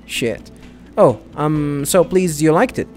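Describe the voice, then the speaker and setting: A man's voice: fairly high pitch, animated, slow, a little mellow, soft background music. A man voicing a flamboyant male spirit who puts on a cutesy girlish act, talking in a gushing, coy, sing-song way.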